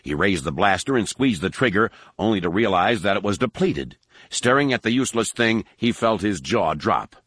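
Male audiobook narrator, measured and steady, low register, dry booth sound. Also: slightly rough, dry recording. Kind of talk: scripted narration.

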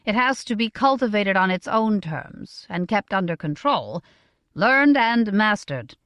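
A woman's voice: medium pitch, lively intonation, fairly bright tone, no room sound, muffled recording. Woman reading as a stern merchant father. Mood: earnest. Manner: measured, earnest, deliberate. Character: stern middle-aged merchant father, measured. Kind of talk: audiobook character voice.

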